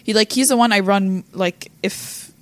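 A woman from Lebanon, a comedian guest on a podcast, chatting casually and teasing the host with relaxed, trailing asides. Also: medium pitch, normal speed. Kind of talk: casual chat.

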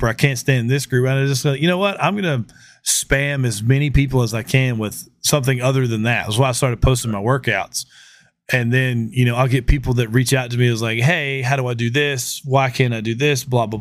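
A man's voice: medium pitch, no room sound, studio quality. A man hosting a podcast, chatting casually and acting out quotes as he tells stories. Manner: animated storyteller, acts out quotes. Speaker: podcast host.

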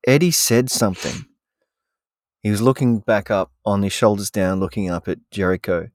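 A man's voice: on the low side, moderate pace, a little mellow, no echo, clean studio sound. A man co-hosting a podcast in casual chat, speaking hesitantly with many restarts. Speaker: podcast co-host.

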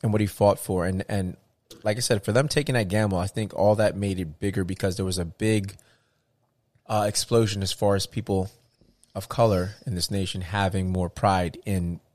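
A man's voice: low voice, fairly even intonation, moderate pace, darkish tone, dry recording. A man from the United States talking animatedly in a casual conversation, often restarting his sentences and acting out what others said.

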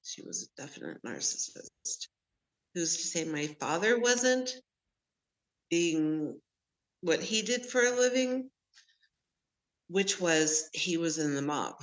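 A woman's voice: fairly low pitch, big pitch swings, slow, pauses often. A middle-aged woman, a podcast guest, telling a personal story candidly with occasional laughs. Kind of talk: storytelling in an interview.

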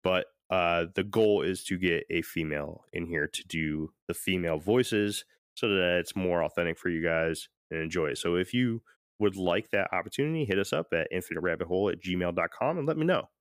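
A man's voice: low-pitched, brisk, no echo, clean studio sound. A man hosting a podcast in casual chat, rambling and often laughing. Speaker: podcast host.

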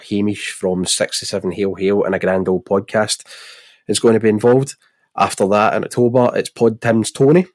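A man's voice: sits low, a little mellow, dry recording. A man with a Scottish accent and a nasal voice, co-hosting a football podcast in jokey, rambling casual chat. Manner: jokey, rambling, laughs often. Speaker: podcast co-host.

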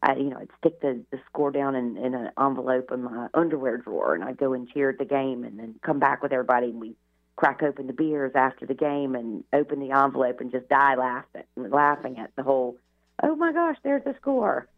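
Gravelly woman on a tinny phone line. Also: rumbling low, fairly even intonation, brisk. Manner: chatty, many "you know" asides. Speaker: guest. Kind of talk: personal storytelling in an interview.

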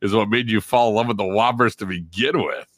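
A man chatting on a casual podcast, teasing the others and asking lively questions. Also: lowish voice, brisk. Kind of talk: casual chat.

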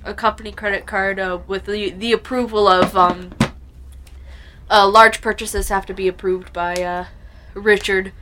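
A woman's voice: mid-range voice, fairly even intonation, unhurried, music in the background. A woman playing a tabletop game, talking in a hesitant way with many fillers. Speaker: player. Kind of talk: tabletop game play, in character.

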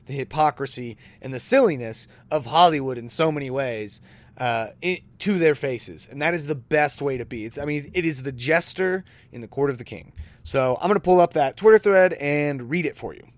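A man's voice: fairly high pitch, moderate pace, dry recording. A man hosting a casual solo podcast, rambling and self-deprecating, with bursts of exasperated disbelief. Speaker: podcast host.

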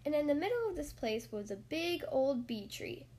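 Animated woman reading a storybook aloud. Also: high voice, normal speed. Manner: animated, sing-song reading.

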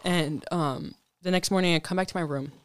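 Low-voiced young woman telling a story. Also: a little fast, no room sound. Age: young adult. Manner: animated storytelling with frequent swearing and fillers. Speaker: guest telling a college story. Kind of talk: casual podcast chat.

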